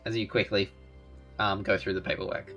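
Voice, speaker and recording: An Australian man narrating as game master in a relaxed way, with many ums and uhs. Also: on the low side, fairly quick, highs cut off, faint music behind.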